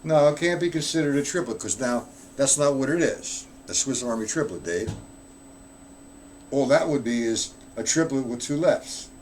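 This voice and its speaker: A man's voice: medium pitch, animated, normal speed. A man teaching drum rudiments on a live stream, counting beats aloud between casual, self-correcting explanations. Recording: loud drum and click noise. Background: drumming.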